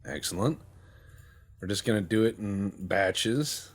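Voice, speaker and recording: A gaming channel host gives casual let's-play commentary, joking, swearing and mocking himself, and he slips into quick silly voices for other countries. His voice is on the low side with lively intonation, and there's a little hiss or hum.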